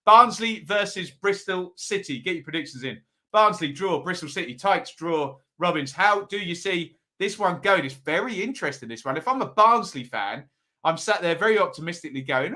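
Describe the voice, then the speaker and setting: Male host, bright-toned, casual live-chat delivery, reads comments aloud. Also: fairly high pitch, expressive. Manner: chatty, reads out viewer comments, quick asides. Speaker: football predictions show host. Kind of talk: live-stream chat with viewers.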